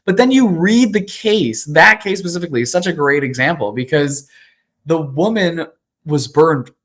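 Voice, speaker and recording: A man who is an attorney, speaking as an interview guest, candid and animated with frequent fillers. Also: fairly high pitch, moderate pace.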